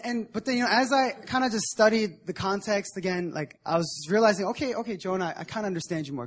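Casual young man preaching, high-pitched. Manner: conversational, acts out Bible figures in modern slang. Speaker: preacher at a prayer meeting. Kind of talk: casual sermon.

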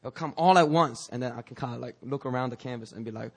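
This pastor speaks quickly in a mid-range voice with a breathy edge. His informal sermon keeps wandering into joking asides, phrases started over and the occasional cough.

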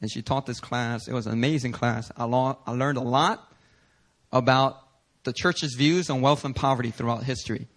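A man's voice: mid-range voice, steady tone, normal speed, a bit bright. A male pastor preaching a sermon in an earnest, emphatic way, building intensity through repetition.

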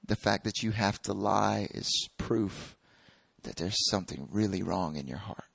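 A man's voice: fairly low pitch, unhurried, vocal fry, slightly rough, no room sound. A man preaching a sermon in a conversational way, acting out little dialogues.

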